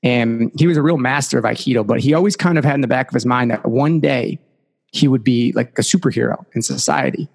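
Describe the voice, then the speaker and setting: A man's voice: medium pitch, a little fast, creaky. Man telling a story in an echoey room. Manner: animated, lots of fillers like "like" and "you know". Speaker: podcast guest. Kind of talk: casual storytelling.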